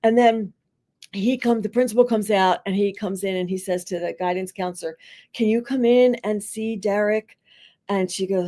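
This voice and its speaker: A woman's voice: a little high, moderate pace. A woman, a school psychologist, talking on a podcast and telling a story, acting out the people in it and filling her talk with "like" and "you know". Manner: animated storyteller who acts out quotes with a rising voice; conversational, many fillers like "like" and "you know". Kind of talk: podcast interview, teaching by story.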